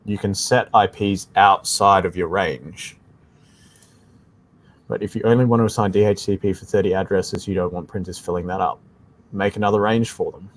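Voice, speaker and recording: Low-voiced Australian man explaining networking. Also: steady tone, normal speed. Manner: explanatory, casual, repeats "like I said". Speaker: tech support co-host. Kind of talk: live-stream tech Q&A chat.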